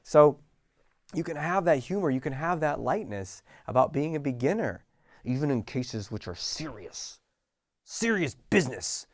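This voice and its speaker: Middle-aged male coach, casual and animated, lively pitch, dry close sound. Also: measured pace, no echo. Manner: casual and animated, acting out little scenes with sighs and laughs. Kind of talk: motivational talk to camera.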